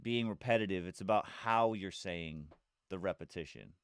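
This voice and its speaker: A male podcast host with a smooth, resonant voice at a middle pitch, recorded dry and close. He talks in loose, excitable slang and keeps the chat rolling. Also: moderate pace, no echo. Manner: excitable, slangy, says "bro" and "facts".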